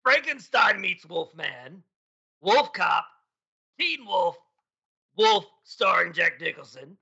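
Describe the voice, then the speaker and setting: A man's voice: sits high, sing-song, slow, gravelly, pushed and bright, breathy edge, lo-fi sound, exaggerated voice. A man playing a goofy male skeleton who hosts a trivia quiz, with jokey absurd asides. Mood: playful. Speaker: quiz host.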